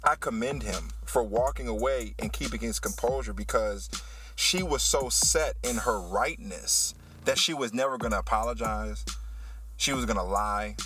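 A man who works as a teacher, hosting a casual podcast chat and telling a story with animated, heated energy. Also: medium pitch, moderate pace. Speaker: podcast host.

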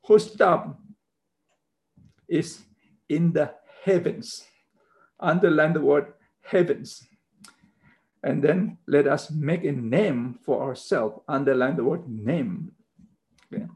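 A man preaching a sermon, teaching slowly through a Bible passage in non-native English phrasing, with emphatic repeated checks like "okay.". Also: on the high side, a little mellow, rough recording. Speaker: pastor.

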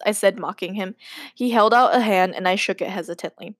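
A young woman hosting a podcast reads her old stories aloud in a medium-pitched voice, fairly quickly, breaking off for giggling, self-mocking asides. The recording is studio quality with no room sound.

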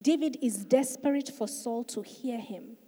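A woman's voice: a little high, unhurried. A woman pastor preaching a sermon, telling the story with emphatic, swelling delivery. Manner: emphatic storytelling, swelling louder for key points. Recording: long reverb of a large hall.

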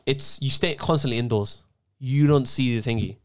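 A young man in casual chat, slangy and quick to agree. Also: medium pitch.

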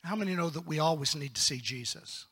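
A man preaching a sermon as pastor, moving between hushed, whispered lines and loud, shouted passages, asking the congregation to respond. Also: fairly high pitch, fairly quick, breathy edge.

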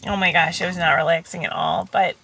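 Wry gravelly woman, bright tone. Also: lowish voice, fairly even intonation, quick pace, low-quality recording. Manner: wry, teasing. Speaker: podcast co-host. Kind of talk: casual chat.

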